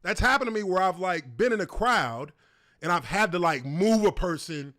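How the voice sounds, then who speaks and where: A man's voice: high-pitched, moderate pace, dry recording, studio quality. A man hosting his own show, giving casual, profane commentary on a video clip and talking straight to viewers. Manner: profane, animated, talks to viewers. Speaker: show host.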